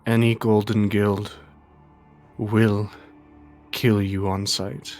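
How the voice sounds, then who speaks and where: A man's voice: on the low side, little pitch movement, very slow, darkish tone, soft background music. A man playing a tabletop game who speaks tersely. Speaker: player. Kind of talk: casual tabletop game play.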